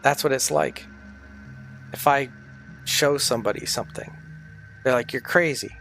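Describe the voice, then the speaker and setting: A man's voice: mid-range voice, fairly even intonation, unhurried, vocal fry, fairly bright tone. Tired, rambling man streaming with faint music. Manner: rambling, swears freely. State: tired and sick. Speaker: livestreamer. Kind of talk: casual livestream chat.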